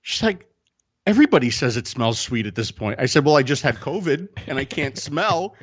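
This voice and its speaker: Animated, profane storytelling man. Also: on the high side, a little fast. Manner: animated, profane, acts out the quoted people. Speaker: co-host. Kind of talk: casual podcast storytelling.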